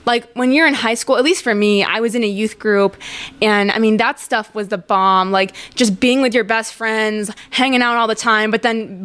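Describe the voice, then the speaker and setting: A woman's voice: a little high, fairly bright tone. A woman in her twenties hosting a podcast, talking in a casual, rambling way with many fillers and restarts, sometimes laughing as she speaks. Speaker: podcast host. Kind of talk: casual confessional chat.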